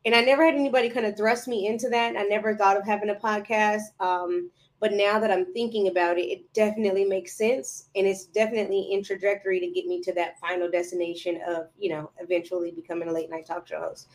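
A woman's voice: medium pitch, fairly even intonation, fast talker. A woman guest on a podcast chatting casually and telling stories, acting out her own past dialogue. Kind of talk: casual interview chat.

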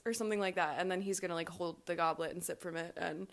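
A woman with a lowish voice, fairly even intonation, and vocal fry talks quickly as a podcast guest. She rambles casually while recapping a reality show, leaning heavily on "like" as a filler.

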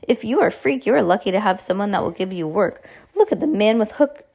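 A woman's voice: mid-range voice, expressive, fast, vocal fry, darkish tone, breathy edge. A woman voicing a bossy foreign fortune-teller who speaks broken English and tacks "please" onto her orders. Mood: commanding.

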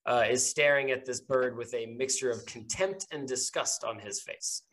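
A man narrating as game master in a tabletop game podcast, relaxed and hesitant, laughing often. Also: mid-range voice, moderate pace.

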